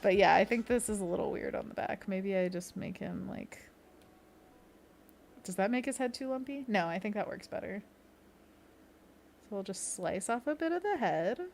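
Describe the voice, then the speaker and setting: A young woman chats with her livestream audience as she paints, casual and giggly, often sliding into playful little bits. Her pitch sits in a middle range. A faint background hiss runs under the recording. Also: lively intonation, moderate pace, vocal fry, long pauses, a little mellow. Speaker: art streamer.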